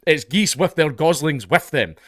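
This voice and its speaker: A man's voice: on the high side, animated, moderate pace, a bit bright, no echo, studio quality. A Scottish man hosting comedic news commentary, blunt, profane and exasperated. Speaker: online commentary host.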